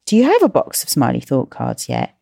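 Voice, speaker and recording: A woman hosting a podcast for children, chatty and gently self-mocking as she encourages her listeners. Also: extremely low pitch, wildly swooping pitch, brisk, gravelly, dry recording, clean studio sound. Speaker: podcast host and coach for children. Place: at home, in slippers.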